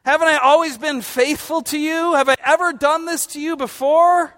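A preacher voicing a pleading talking donkey. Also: male voice, extremely high pitch, fairly even intonation, normal speed, sharp tone, big-room sound, pitched above the performer's own voice. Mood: indignant. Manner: pleading, indignant questions. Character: plaintive talking donkey, loyal and wronged.

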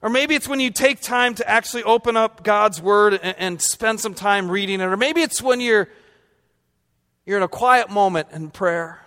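A man with a strikingly high speaking voice preaches a sermon in a church sanctuary, and his words trail off into a long reverb. He talks conversationally, quizzes the congregation and drops in light humorous asides. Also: moderate pace, pushed and bright. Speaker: pastor.

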